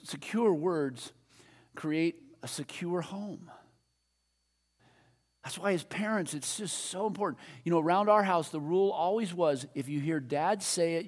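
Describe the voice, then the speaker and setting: An older man delivers a sermon in a high-pitched voice, talking to the congregation like a conversation and circling back to the same refrain. His words ring out with the long reverb of a big hall. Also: darkish tone. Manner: conversational preaching with repeated refrains and questions to the audience.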